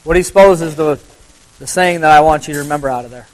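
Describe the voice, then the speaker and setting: A man with a slightly high voice giving a motivational Bible talk to a live group. He speaks conversationally, throws questions at his listeners and drives points home by repeating phrases. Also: fast, a little mellow, low-quality recording. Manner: conversational, asks the audience questions.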